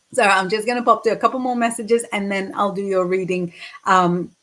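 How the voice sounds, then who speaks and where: A woman's voice: medium pitch, fairly even intonation, measured pace, fairly bright tone, poor audio. A woman from the UK in her fifties, a psychic tarot reader chatting casually on a livestream and reading viewer comments aloud.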